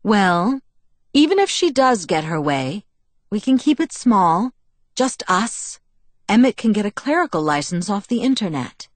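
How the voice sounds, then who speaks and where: Calm devoted young guy, soft and reassuring, woman reading him in an audiobook, dry close sound. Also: mid-range voice, measured pace, dry recording, pitched above the performer's own voice. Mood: gently coaxing. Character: calm, devoted young man, gently protective.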